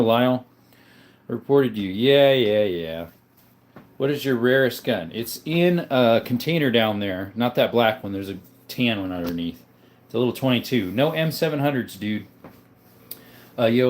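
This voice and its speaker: A man of ordinary pitch hosts a live stream, answering viewers' questions in a relaxed, easygoing way. He reads out comments, greets people by name and talks things through unhurriedly. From Arizona, US. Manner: laid-back, answers chat questions one by one. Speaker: livestream host. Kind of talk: casual live chat reading viewer comments.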